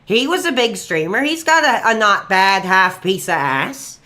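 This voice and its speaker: A man's voice: sits high, lively intonation, a little slow, pushed and bright. A young man streaming live and taking calls, rambling with fillers and flaring into angry rants at trolls. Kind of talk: live stream call-in chat.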